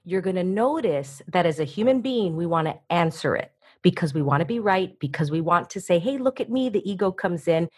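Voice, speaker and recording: A woman talking as an interview guest, energetic and coaching, often slipping into little acted-out voices. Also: lowish voice, brisk, breathy edge. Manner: energetic, acts out voices in quotes. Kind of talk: animated interview talk.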